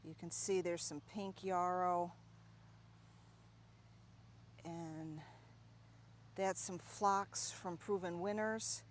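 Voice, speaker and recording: A woman giving a casual, chatty tour of her home garden, talking warmly and excitedly about her plants as she walks. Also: lowish voice, takes it slowly, a little hiss or hum. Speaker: gardening vlogger.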